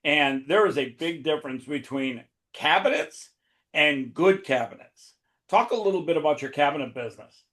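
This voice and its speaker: A man hosting a podcast, telling stories in a casual, animated way and laughing often. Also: fairly high pitch, normal speed. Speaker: podcast host. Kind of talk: casual storytelling chat.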